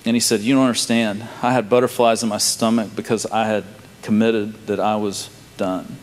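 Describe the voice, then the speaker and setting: A man's voice: lowish voice, level tone, moderate pace. A man in his forties with a drawl tells his story the way he would to a room full of people. He is folksy and emotional. His voice rings with a long reverb in a large hall. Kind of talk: personal testimony told to a live audience.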